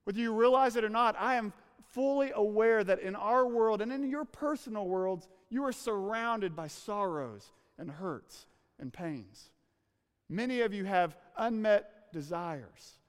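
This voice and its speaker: A man with a high voice preaching an earnest sermon, drawing out words and sinking to a near hush to press a point. The sound rings out in a big hall with a long reverb tail. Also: smooth. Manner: earnest, slows and drops to a hush for emphasis. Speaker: pastor. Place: church room with a congregation.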